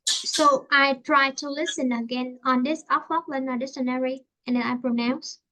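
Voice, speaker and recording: A woman with a Vietnamese accent teaches English in a relaxed lesson chat. Her voice sits high and sounds bright. She hesitates often and fills the gaps while she searches for the right words. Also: normal speed. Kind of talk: online English lesson conversation.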